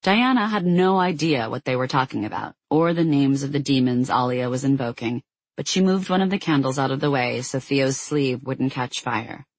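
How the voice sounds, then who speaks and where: Husky, measured audiobook narrator. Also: medium pitch, no room sound. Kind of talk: scripted narration.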